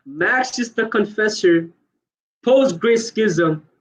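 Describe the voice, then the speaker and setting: A man's voice: sits high, expressive, takes it slowly. A man in an online debate who fires off questions, interrupts and repeats himself. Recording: lo-fi call audio.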